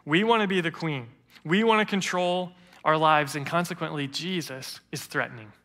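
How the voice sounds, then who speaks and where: Bright-voiced preacher in a reverberant church. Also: male voice, a little high, moderate pace. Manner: earnest storytelling preacher, quotes others in lively voices. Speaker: interim lead pastor. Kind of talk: sermon. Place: church sanctuary.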